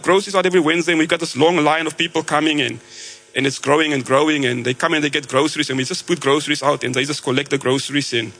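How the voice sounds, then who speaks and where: A man's voice: on the high side, sharp tone, rough recording. An Australian man preaching a sermon, telling a story conversationally with frequent fillers and restarts.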